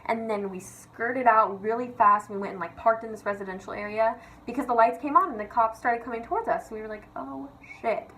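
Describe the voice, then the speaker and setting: A young woman tells casual vlog stories about school at an everyday pitch. She giggles, swears and says "like" constantly, and faint hiss sits behind her voice. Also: pushed and bright, rough recording. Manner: giggly, profane, filler-heavy with constant "like". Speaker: vlogger. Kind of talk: casual storytelling rant.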